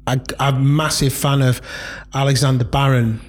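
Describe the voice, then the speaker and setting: A man's voice: medium pitch, flat delivery, normal speed. A man chatting casually, enthusiastic and rambling with many fillers. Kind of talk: casual chat.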